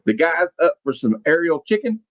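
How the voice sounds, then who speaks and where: A man's voice: a little high, very animated, moderate pace. A man hosting a comic club, casually reading a comic aloud and joking about it. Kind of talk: casual comic read-along.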